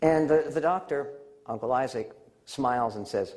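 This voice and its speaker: A man giving a storytelling speech as an author, pausing with fillers and then jumping up in pitch when he gets excited. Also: a little hiss or hum. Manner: animated, pitch leaps high when excited; warm family anecdote, with pauses and fillers. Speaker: public speaker and author.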